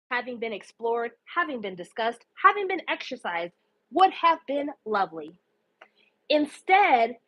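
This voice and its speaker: On a low-quality recording, a high-pitched woman hosts a podcast. Animated and indignant, she recaps a show with casual, profane storytelling, cursing freely and performing the characters' quotes herself.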